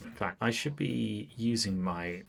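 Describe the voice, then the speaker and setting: A man's voice: lowish voice, animated, measured pace, vocal fry. A man streaming a video game live, chatting wryly and talking back to the characters on screen. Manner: chatty, wry, talks to the screen. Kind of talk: live gameplay commentary.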